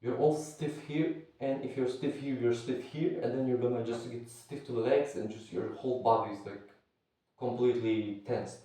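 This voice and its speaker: A man's voice: mid-range voice, fairly even intonation, normal speed, dark tone. Man teaching in an echoey room. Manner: rambling, restarts and searches for words. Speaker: martial arts instructor. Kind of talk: casual spoken lesson. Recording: echoey room, far from mic.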